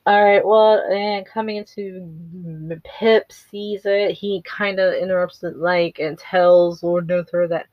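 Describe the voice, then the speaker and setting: Slow, rambling woman podcaster, dull lo-fi sound. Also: lowish voice, fairly even intonation, no echo. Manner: rambling, swearing, apologetic with nervous laughs. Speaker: podcast host. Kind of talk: casual movie recap.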